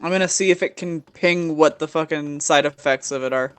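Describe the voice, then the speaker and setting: A woman's voice: low-pitched, brisk, clear, resonant tone. Woman, tabletop player, casual, joking, laughs a lot.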